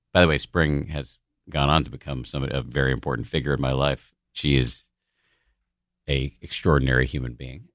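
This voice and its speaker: Very deep-voiced man telling a frank story. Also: normal speed, no room sound, clean studio sound. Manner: frank and profane, self-deprecating. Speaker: podcast guest. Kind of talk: candid conversational storytelling.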